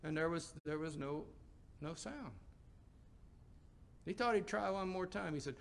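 A man's voice: on the high side, normal speed, gravelly, long pauses. A man preaching a sermon in a folksy, conversational storytelling way, with emphatic rises.

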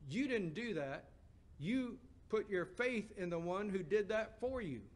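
A middle-aged man preaching a sermon, asking the congregation emphatic questions and dropping to a hushed voice for stories. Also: high-pitched, expressive, unhurried.

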